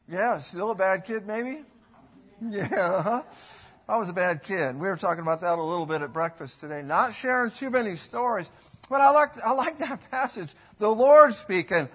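A middle-aged man preaching a sermon in a folksy, rambling way, rising to loud bursts when he quotes. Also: high-pitched.

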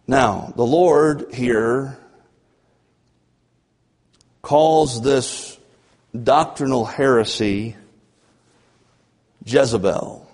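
A man preaching a fervent sermon as pastor, swinging between loud emphasis and low, drawn-out passages. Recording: long church reverb.

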